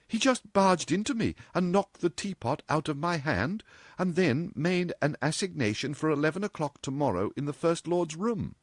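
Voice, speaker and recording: A man voicing a composed young woman stenographer who speaks in a measured, level way. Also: fairly high pitch, lively intonation, no echo, studio quality, voice pushed up.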